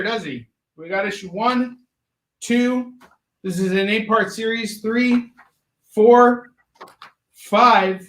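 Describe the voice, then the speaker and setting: A man with a high voice hosts a live comic book sale, calling out titles and prices. He speaks at a slow, drawn-out pace. His voice rings with the echo of the room. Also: fairly bright tone. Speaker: co-host selling comics. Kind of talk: live shopping stream pitch.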